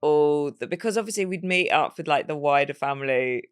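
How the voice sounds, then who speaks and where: A woman's voice: low-pitched, brisk, clean tone. A woman co-hosting a podcast, chatting in an easygoing, giggly way with casual slang. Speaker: podcast co-host. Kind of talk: casual chat.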